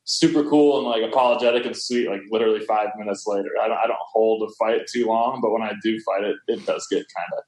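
A man chatting as a podcast guest over a video call from his home office, talking quickly and laughing often. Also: lowish voice, darkish tone. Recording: echoey room with faint noise.

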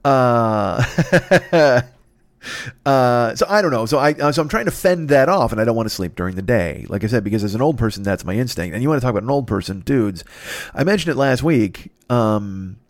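With a briskly paced, expressive mid-range voice, a man runs a solo podcast, rambling profanely and joking at his own expense. He sounds tired and stuffy, yawning at times, and the studio sound is clean with no echo.

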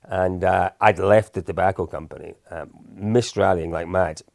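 A man in his fifties, a guest in an interview, telling anecdotes in a relaxed, self-deprecating way. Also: low voice, moderate pace, vocal fry, no room sound, studio quality. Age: 50s. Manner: anecdotal, self-deprecating, with frequent restarts and chuckles. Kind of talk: casual storytelling in an interview.

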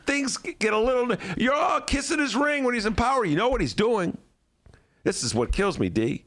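A man's voice: extremely high pitch, moderate pace. A man from Chicago co-hosting a podcast, ranting sarcastically in casual chat. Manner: animated and sarcastic, slips into mocking voices. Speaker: podcast co-host.

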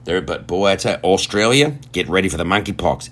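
A low-voiced man rants on a podcast, swearing freely and dripping with sarcasm. His pitch swings widely as he jabs through his complaints. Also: lively intonation, a little fast, a bit bright. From United States. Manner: profane, heated, sarcastic ranting. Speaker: podcast host. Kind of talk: ranting podcast monologue.

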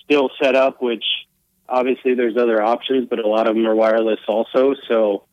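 A man's voice: medium pitch, level tone, moderate pace, no room sound, highs cut off. Hesitant man on the line. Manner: hesitant, lots of ums. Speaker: guest caller. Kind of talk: phone-in interview.

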